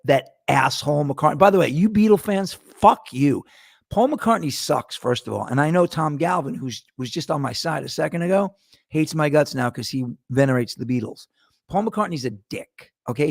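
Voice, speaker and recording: A middle-aged man hosts his own podcast in a loose, rambling monologue, swearing freely and wandering off topic. His voice has a gravelly edge, and the sound is dry and close with no room around it. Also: fairly high pitch, a little mellow, dry recording. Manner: rambling, profane, digressive. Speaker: podcast host. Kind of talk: casual monologue.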